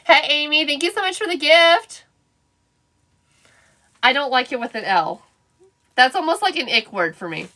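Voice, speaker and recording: A woman's voice: high-pitched, expressive, normal speed, long pauses, bright, forceful tone. A woman hosting a casual craft live stream, chatting and answering viewer comments by name as she works.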